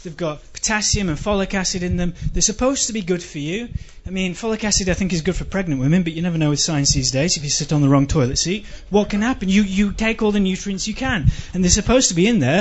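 A man with an English accent tells a comic monologue in a dry, rambling, self-deprecating way, now and then bursting into shouts. His voice sits high for a man. The recording is dull and lo-fi. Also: fast, few pauses, slight background noise. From England.

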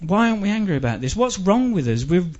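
Brief: male stand-up, high voice, rambling and stammering, muffled lo-fi live recording. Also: sing-song, quick pace, a little mellow. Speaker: stand-up comedian. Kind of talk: stand-up comedy.

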